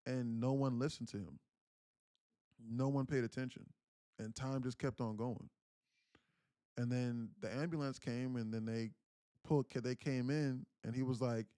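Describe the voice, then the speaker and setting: Young New guy hosting a trading stream, loose and slangy, mid pitch, bone-dry mic. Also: fairly even intonation, normal speed, no echo. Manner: emotional storyteller, acts out quoted pleas loudly; casual slangy speech with frequent fillers. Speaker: day trading livestream host. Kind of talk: casual livestream storytelling.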